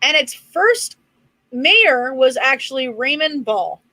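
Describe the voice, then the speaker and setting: High-voiced woman reading true-crime notes. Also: sing-song, takes it slowly, pushed and bright, no echo, poor audio. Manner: reads facts from notes, dry asides. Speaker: podcast co-host presenting research. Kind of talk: casual true-crime podcast chat.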